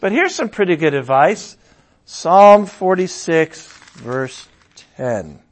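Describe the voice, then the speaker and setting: A middle-aged man preaching as a pastor in a conversational way, breaking into loud emphatic bursts. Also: fairly high pitch, very animated, takes it slowly. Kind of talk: sermon.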